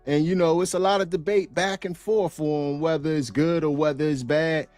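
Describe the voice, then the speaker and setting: An American man with an American accent and a fairly high voice, commenting in a measured, reflective way. The recording is dry and close, with faint music underneath. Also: fairly even intonation, darkish tone, no room sound. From United States.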